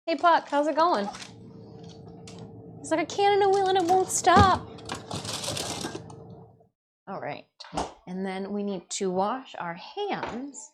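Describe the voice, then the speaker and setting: A woman from Michigan chatting casually on a live stream while she cooks, swearing freely and often dropping to a quiet mutter. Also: high voice, background noise. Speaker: livestreamer.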